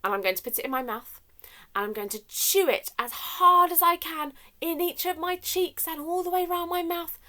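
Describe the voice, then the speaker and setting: A young woman leading a children's story time with warm-up games, talking in a sing-song way that swings from whispers to shouts. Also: very high voice, normal speed.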